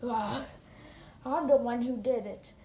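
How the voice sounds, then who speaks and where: A woman doing a low, taunting fox spirit. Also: slow pace, mellow. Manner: taunting, lowered voice. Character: menacing male nine-tailed fox spirit, taunting. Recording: roomy echo, faint noise.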